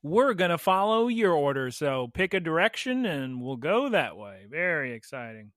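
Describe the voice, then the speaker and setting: A man's voice: on the high side, very animated, moderate pace, fairly bright tone, no echo, clean studio sound. A man hosting a podcast in casual chat, playful and joking as he leads the recap. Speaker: podcast host.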